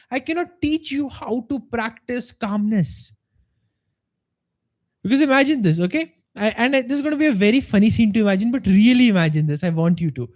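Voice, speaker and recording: A man's voice: high voice, a little mellow. A man coaching live on a stream, earnest and explanatory, acting out the voices of the people in his examples. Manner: earnest, acts out quoted voices. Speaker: life coach. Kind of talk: live-streamed motivational talk.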